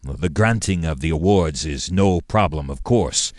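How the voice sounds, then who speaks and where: A man's voice: a bass voice, measured pace, darkish tone, dry recording, clean studio sound. A man voicing a careful, diplomatic male fleet commodore who chooses his words with restraint.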